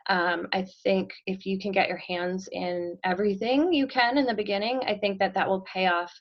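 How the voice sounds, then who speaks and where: A woman's voice: mid-range voice, steady tone, normal speed, muffled recording. A woman guest on a podcast, talking casually and thoughtfully with frequent ums and light laughs. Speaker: podcast guest, marketing executive. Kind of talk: casual interview chat.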